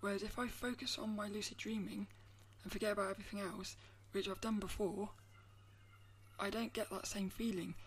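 A woman hosting a solo podcast, talking in a thoughtful, musing way and often trailing off into soft, near-whispered asides. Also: mid-range voice, fairly even intonation, fairly quick, a little hiss or hum. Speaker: podcast host. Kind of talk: reflective solo podcast talk.

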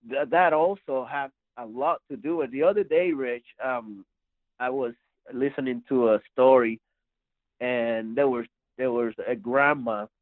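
A man's voice: medium pitch, no echo. Guy rambling thru a story on a podcast, tinny phone sound, dry. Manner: rambling, repeats words. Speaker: podcast guest. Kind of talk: casual storytelling.

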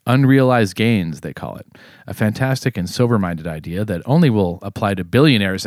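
A man with a lowish voice reads out his own sardonic commentary, wry and a little tipsy. The sound is dry and close, with no room around it. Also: expressive, moderate pace, dry recording. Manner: wry, sardonic delivery with throat clearing. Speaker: podcast co-host. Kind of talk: casual chat and read-aloud commentary segment.

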